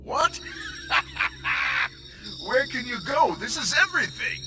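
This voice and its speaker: An actor playing a confused, excitable brain in a jar, rambling in wonder about being alive and cosmic. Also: male voice, extremely high pitch, moderate pace, over music. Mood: eager.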